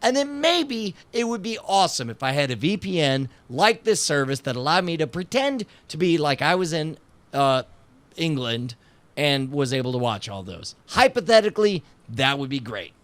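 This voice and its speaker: A man's voice: on the high side, animated, normal speed, a bit bright, dry recording. Sarcastic man bantering on a comedy podcast. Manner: sarcastic, mock-hypothetical riffing. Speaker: podcast co-host.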